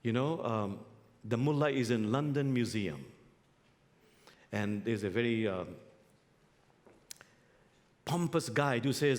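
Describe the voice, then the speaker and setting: A man, an imam giving a guest sermon, telling humorous stories in a playful, animated way. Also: medium pitch, slow, long pauses. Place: spiritual center sanctuary. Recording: long hall reverb.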